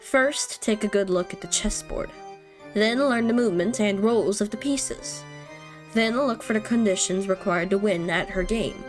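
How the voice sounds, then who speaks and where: A woman reading aloud as a cruel, aloof female witch, calm and quietly taunting. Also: medium pitch, normal speed, faint music behind, lightly acted. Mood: coolly taunting. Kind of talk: reading game dialogue aloud.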